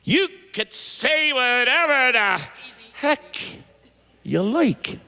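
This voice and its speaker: Man voicing a sly Irish boozer, coaxing, high and lively, live stage. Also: very slow, smooth, heavily acted. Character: sly wheedling Irish drinker, middle-aged man.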